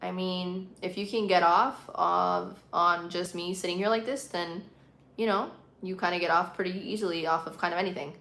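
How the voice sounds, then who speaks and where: A woman's voice: fairly low pitch, fairly even intonation, moderate pace, vocal fry, fairly bright tone, roomy sound. A young adult woman from a Puerto Rican and Colombian family, casually chatting on a live stream as she reads viewer comments and stresses her words for emphasis. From Puerto Rican and Colombian, living in the US. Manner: puts emphasis on words, bilingual speaker.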